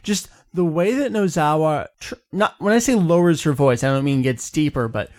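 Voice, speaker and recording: A man co-hosting a casual fan podcast, relaxed and chatty with frequent fillers. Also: a little high, normal speed, no room sound, clean studio sound. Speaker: podcast co-host.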